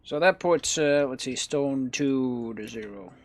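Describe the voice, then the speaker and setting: A man's voice: mid-range voice, a little slow, no room sound, faint music behind. Conversational man co-casting a stream. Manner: conversational, explains the bracket. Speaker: esports co-caster. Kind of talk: casual live game commentary.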